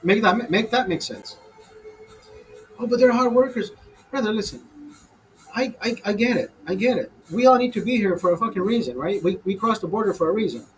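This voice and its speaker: Profane, fired-up man with a high voice. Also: very animated, a little fast, faint music behind, rough recording. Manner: profane, fired-up, talks to viewers as brother. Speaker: host. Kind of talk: casual rant over a beer.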